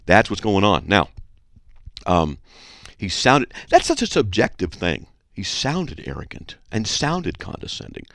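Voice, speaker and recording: A man hosting a radio show, reading listener mail aloud with sarcastic, animated commentary and frequent throat clearing. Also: low voice, normal speed, no echo, clean studio sound.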